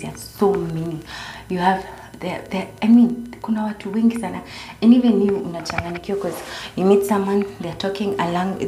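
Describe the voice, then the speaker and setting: Young Kenyan woman vlogger, a little low-pitched, easygoing chat in a roomy space. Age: young adult. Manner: chatty, mixing in Swahili slang. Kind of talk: casual chat. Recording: echoey room.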